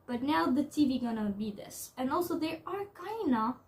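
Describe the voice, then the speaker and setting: A young adult woman in a casual vlog commentary, talking haltingly with lots of fillers and restarts. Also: high voice, lively intonation, darkish tone. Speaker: YouTuber.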